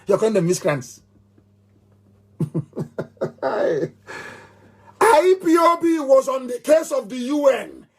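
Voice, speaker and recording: A middle-aged Nigerian-accented man, his voice high and slightly rough, delivers a fiery live radio address as a movement leader. He speaks emphatically, repeating phrases like a chant.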